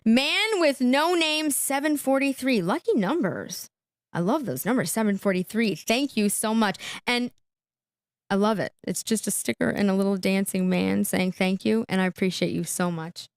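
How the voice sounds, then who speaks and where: A woman hosting a live reaction stream, chatty and quick to laugh, who keeps checking in with "okay?" as she comments. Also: mid-range voice, clear, resonant tone, no echo, studio quality.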